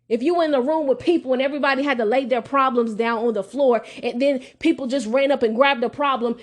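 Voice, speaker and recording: A middle-aged woman hosting a faith podcast, exhorting listeners in a repetitive, preachy call-and-response style. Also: high-pitched. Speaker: podcast host. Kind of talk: faith-based motivational monologue.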